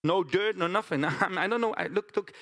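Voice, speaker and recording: A man's voice: high-pitched, normal speed, a bit bright. A man performing a theatrical storytelling monologue on a conference stage, chatting to the audience with tag questions.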